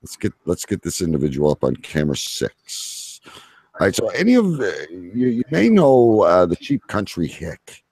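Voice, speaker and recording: A man's voice: deep voice, huge pitch swings, normal speed, darkish tone, slightly rough, no room sound, studio quality. A man hosting a casual podcast, rambling with many fillers. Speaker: podcast host.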